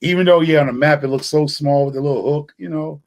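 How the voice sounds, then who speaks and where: A man's voice: fairly high pitch, fairly even intonation, fast. Laid-back New man chatting. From New York City. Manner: rambling, laid-back, slangy. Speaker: podcast host. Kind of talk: casual chat.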